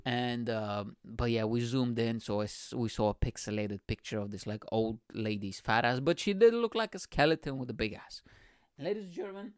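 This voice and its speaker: Role: podcast host, man. Style: comic solo storytelling. Delivery: lively pitch, crude jokes. Sound: dry and close. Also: moderate pace, hardly any pauses, clear, resonant tone, dry recording. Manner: animated, crude and self-mocking.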